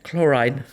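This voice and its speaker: A woman's voice: medium pitch, background noise. A woman in her fifties with a South London accent, co-hosting a casual podcast chat, teasing and laughing often. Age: 50s. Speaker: podcast co-host.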